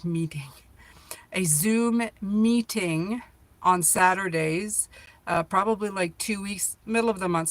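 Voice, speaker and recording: A middle-aged woman hosting a live tarot reading, chatty and playful, joking with viewers as she reads the cards aloud. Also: lowish voice.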